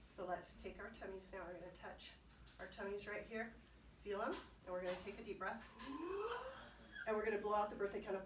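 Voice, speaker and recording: A woman's voice: mid-range voice, steady tone, quick pace, noisy background. A woman children's librarian leading a kids' music and movement class, cheerful and encouraging, with playful sound words. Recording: roomy sound from a distant mic.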